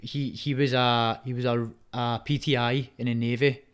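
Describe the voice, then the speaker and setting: A man's voice: medium pitch, level tone, moderate pace, smooth. A young Scottish man, a fighter, talking earnestly and swearing freely as a podcast guest. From Scotland. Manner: sweary, earnest, says "mate" often. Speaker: guest, Muay Thai fighter. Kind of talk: casual podcast chat.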